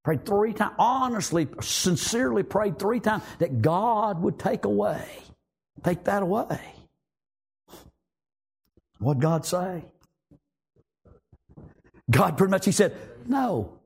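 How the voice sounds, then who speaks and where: Male preacher, high husky voice, lively swings, amens throughout. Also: slow pace, long pauses. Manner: animated preaching with frequent repetitions and amens. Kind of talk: sermon.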